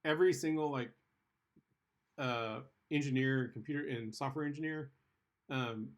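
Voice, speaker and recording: A man's voice: medium pitch, normal speed. A man co-hosting a podcast in casual chat, joking and rambling with lots of filler words. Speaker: podcast co-host.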